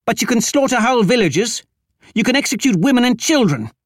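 A woman's voice: lowish voice, big pitch swings, a little slow, no room sound, clean studio sound, voice pushed up. An audiobook narrator voicing Thera, a fiery, defiant young woman who snaps with scorn. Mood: scornful. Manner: sharp, scornful, snapping.

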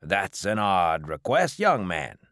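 A man voicing a huge, taciturn old farmer who speaks in a slow New England drawl. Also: deep voice, very animated, a bit bright, dry recording, clean studio sound, heavily acted.

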